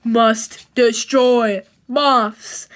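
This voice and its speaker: A malfunctioning comic-book robot villain, as a woman reading puts it on, droning mechanical phrases that rise to high shouts. The delivery stays stiff and relentless. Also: fairly even intonation, extremely slow. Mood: robotic.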